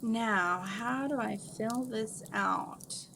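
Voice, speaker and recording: A haughty, demanding rich girl from a storybook who snaps at everyone, read by a woman. Her voice is mid-pitched and sharp-edged. Faint hiss sits under it. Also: very slow, heavily acted. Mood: snappish. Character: spoiled bossy rich teenage girl. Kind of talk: reading a story aloud.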